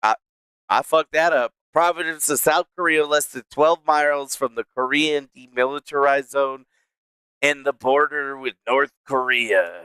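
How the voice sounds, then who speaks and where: A man's voice: fairly high pitch, measured pace, pushed and bright, smooth, dry recording. A man live-streaming from a small room at home, rambling casually with lots of swearing and laughing to his chat. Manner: rambling, profane, laughs a lot.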